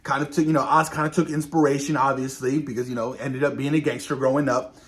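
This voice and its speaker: A man hosting a reaction video, reviewing a TV episode in a casual, excited way, often calling out to viewers and acting out characters' lines. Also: mid-range voice, quick pace. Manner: animated, addresses viewers as "you guys", acts out characters' lines.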